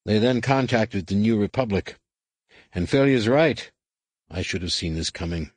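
Weary Jedi master, read by a man, quiet, measured, low voice, dry close sound. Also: slightly rough, no echo. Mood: grave.

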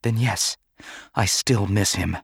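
A man voicing a composed young woman senator who is quietly grieving, soft and restrained. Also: fairly low pitch, takes it slowly, creaky, slightly rough, dry recording, clean studio sound, heavily acted. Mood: wistful.

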